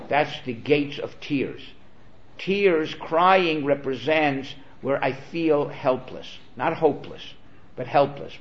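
Earnest man giving a Torah lecture. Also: mid-range voice. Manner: earnest, explanatory, with Hebrew terms. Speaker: rabbi teaching. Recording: dull, lo-fi recording.

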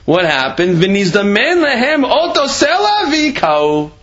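A man leads a Torah class, explaining commentary in a loose, conversational way. His slightly high voice swoops widely as he acts out the people he quotes. The recording sounds dull and lo-fi. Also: a little slow. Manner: animated, acts out quoted speech with shifting voice; conversational, many "you know" asides and restarts. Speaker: Torah teacher.

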